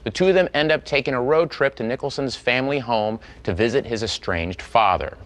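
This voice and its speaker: A man hosting a classic film channel, giving a measured, formal scripted introduction. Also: medium pitch, fairly bright tone.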